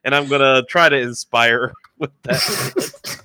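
A man's voice: medium pitch, slow, noisy background. A man playing a tabletop game, joking and hesitant with many fillers. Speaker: player. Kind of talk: casual tabletop play.

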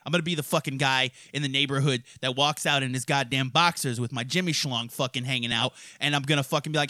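A man from hosting a podcast, telling crude stories in a rowdy, profane, animated way. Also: a little high, fast, hardly any pauses, no room sound, studio quality. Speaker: podcast host. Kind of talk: crude casual storytelling.

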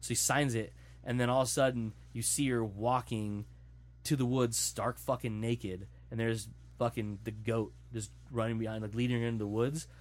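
A man in casual chat, retelling a story in an animated, profane way. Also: mid-range voice, moderate pace.

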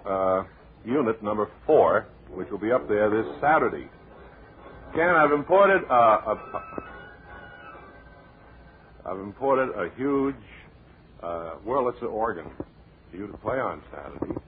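A man hosting a comedy radio show in a deadpan, rambling, mock-serious way, heard on a tinny old radio recording with light hiss. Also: on the low side, a little slow, long pauses. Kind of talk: deadpan comic radio patter.

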